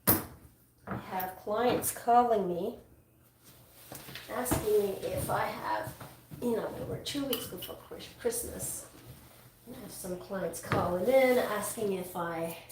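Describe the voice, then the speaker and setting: A woman's voice: medium pitch, takes it slowly, long pauses. A woman, a dog groomer chatting casually and rambling with many restarts while she works in a grooming salon. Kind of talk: casual chat while working. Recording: echoey room, distant mic, faint noise.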